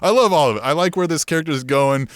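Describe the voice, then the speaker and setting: Animated man recapping wrestling, dry mic. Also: fairly high pitch, quick pace, dry recording. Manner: animated, acts out quotes, swears. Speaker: podcast co-host. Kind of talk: casual wrestling recap chat.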